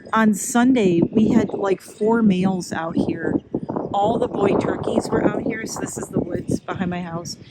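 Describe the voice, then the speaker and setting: A woman vlogging casually while filming birds from her car and yard, chatty and excitable, sometimes out of breath. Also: very noisy. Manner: excited and chatty, breaks into high squeals when calling her turkey. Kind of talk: casual vlog narration. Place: in a car and outdoors in a windy yard.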